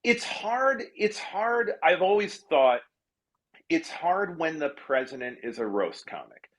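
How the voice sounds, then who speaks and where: A man's voice: on the high side, very animated, slow. A man who writes television comedy, chatting casually in a podcast interview, often laughing at himself and restarting his sentences.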